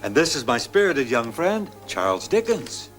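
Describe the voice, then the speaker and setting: An American man in his seventies, hosting, with a relaxed, wry, chuckling delivery in scripted comedy banter. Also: medium pitch, moderate pace, soft background music. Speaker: show host.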